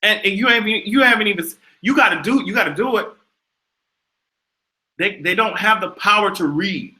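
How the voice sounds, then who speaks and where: A young man hosting a livestream, delivering a profane, sassy and animated casual rant. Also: sits high, normal speed. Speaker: livestream host.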